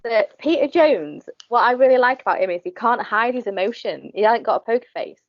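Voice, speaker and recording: A woman's voice: a little high, no room sound. A Northern English woman chatting as a podcast guest, swearing freely and breaking into impressions. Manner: animated, laughing, swearing, quick impressions. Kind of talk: casual chat. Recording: dull lo-fi podcast audio, dry.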